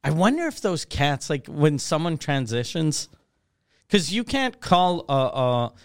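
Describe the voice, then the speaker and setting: A man's voice: on the high side, very animated, unhurried, clean tone, dry recording, studio quality. A man co-hosting a comedy podcast, laid-back, riffing jokes and asides in casual chat. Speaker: podcast co-host.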